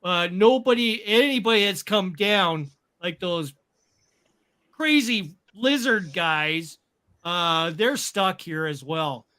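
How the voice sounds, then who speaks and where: A man's voice: sits high, lively intonation, slow, pushed and bright, heavily acted. Man doing a stammering, friendly local dad. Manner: eager, stammering. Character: friendly stranded male local, father of two.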